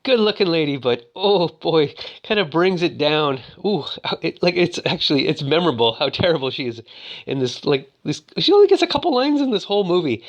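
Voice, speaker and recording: A man's voice: on the high side, big pitch swings, a little fast, dull audio. A man casually retelling a movie in a rambling, joking way, full of fillers. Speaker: narrator.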